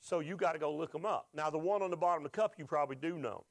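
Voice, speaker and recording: Man, pastor, sermon, call-and-response questions, higher-pitched voice, dry close sound. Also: rapid-fire, no echo. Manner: emotional, voice rising when moved.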